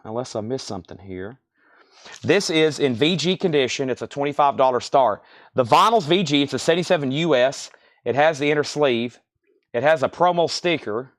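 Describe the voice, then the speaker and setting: A man hosting a live-streamed vinyl record sale, briskly repeating titles and prices with chatty asides. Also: mid-range voice, no echo, studio quality.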